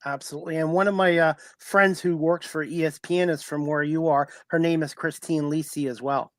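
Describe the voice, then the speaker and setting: A man's voice: on the high side, steady tone, brisk, no echo. Male talk show host, dry close sound, friendly, easygoing, rambling questions. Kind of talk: live-streamed interview.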